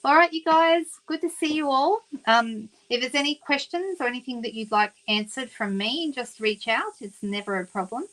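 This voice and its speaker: A woman's voice: sits high, moderate pace, hardly any pauses, a bit bright, low-quality recording. An Australian woman hosting a papercraft livestream, chatting casually and greeting viewers by name with plenty of ums. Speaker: papercraft demonstrator and host.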